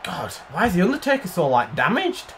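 A man's voice: sits high, wildly swooping pitch, a little fast, a bit bright, a little hiss or hum. A man commentating a wrestling game, cheering on and swearing at the players. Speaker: gaming commentator. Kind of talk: excited let's-play commentary.

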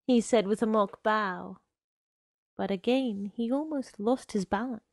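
A woman reads a short story aloud at an unhurried pace. Her voice has a gravelly texture, and the recording is dry and close. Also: mid-range voice, darkish tone, no echo. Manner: measured, unhurried narration. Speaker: reader.

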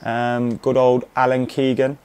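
A man's voice: mid-range voice, completely flat delivery, unhurried, a little mellow, clear, resonant tone. A young man giving casual commentary while playing a video game, cheering and swearing at the action. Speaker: gaming commentator. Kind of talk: casual live gameplay commentary.

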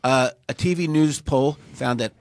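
Gravelly man reading community news. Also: mid-range voice, moderate pace. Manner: reads news items, jokes and laughs often. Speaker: co-host. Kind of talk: casual news chat.

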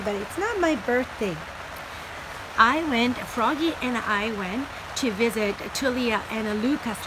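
A woman teaching young children in a sing-song, encouraging way, indoors on a rainy day. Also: fairly high pitch. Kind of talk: sing-along lesson for young kids. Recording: rain noise in background.

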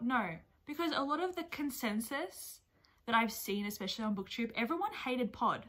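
Bright-voiced, expressive woman book vlogger. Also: a little high, moderate pace. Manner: expressive and chatty, swears freely. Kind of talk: casual reaction vlog. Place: at home with her dog nearby.

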